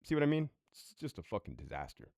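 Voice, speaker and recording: A man's voice: on the low side, big pitch swings, fast talker, darkish tone, no room sound, studio quality. A man who was a prison sergeant tells a story in a casual monologue, blunt and full of swearing. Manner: profane, blunt, conversational.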